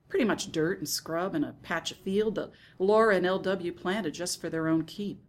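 A woman narrating a first-person literary story in a soft, hushed, intimate reading. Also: lowish voice. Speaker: audiobook narrator.

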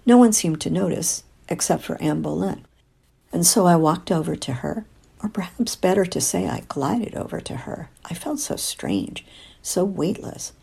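An older woman narrates a first-person story in a wry, confiding way, slipping into whispers at times. Her voice is low and dark, with a strong gravelly fry and a husky, breathy grain. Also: animated, normal speed. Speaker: audiobook narrator.

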